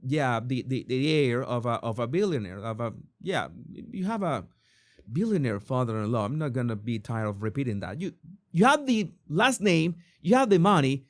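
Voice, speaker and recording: A man hosting an entertainment commentary channel, reacting in an excitable way, swearing and stumbling over repeated words. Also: medium pitch, moderate pace.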